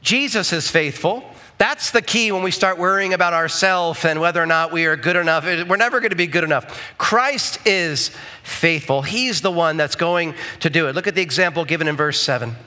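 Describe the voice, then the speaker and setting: A man's voice: on the high side, normal speed, pushed and bright. A male pastor preaching a conversational sermon in church, often checking in with the congregation with asides.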